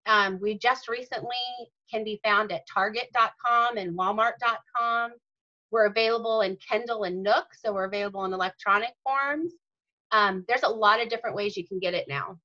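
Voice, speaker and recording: Earnest woman author as interview guest, bright tone, dull lo-fi sound. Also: mid-range voice, normal speed. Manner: earnest, detailed explaining. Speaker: author and mother. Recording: dull lo-fi audio.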